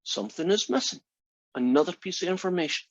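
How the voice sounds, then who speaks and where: A man's voice: high-pitched, lively intonation, quick pace, dry recording, highs cut off. A man teaching a statistics class, reasoning aloud and asking the class many questions. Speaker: math instructor. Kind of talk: classroom lecture.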